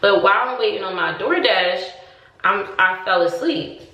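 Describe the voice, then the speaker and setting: A woman's voice: medium pitch, normal speed, recorded from a distance. Chatty woman telling a story, echoey room. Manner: chatty, animated, acts out both sides of conversations. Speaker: storytime vlogger. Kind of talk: casual storytelling to camera.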